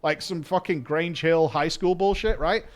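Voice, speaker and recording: A man's voice: fairly high pitch, moderate pace. A man, a streamer host, telling a story in casual chat, swearing and imitating people he met. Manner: animated, swearing, mimics people in his story. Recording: faint music underneath.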